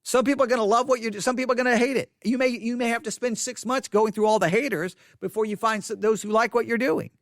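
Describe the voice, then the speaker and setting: A man hosting a solo podcast, talking off the cuff in an animated, repetitive way with many restarts. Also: very high-pitched, fast, hardly any pauses, no echo, studio quality. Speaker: podcast host. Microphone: studio microphone.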